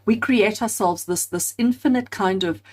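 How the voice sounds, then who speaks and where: Husky-voiced woman giving a tarot reading. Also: medium pitch, normal speed. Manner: earnest, repeats phrases in emphatic lists; addresses viewers directly as friends. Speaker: tarot card reader. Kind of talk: spoken tarot reading to camera.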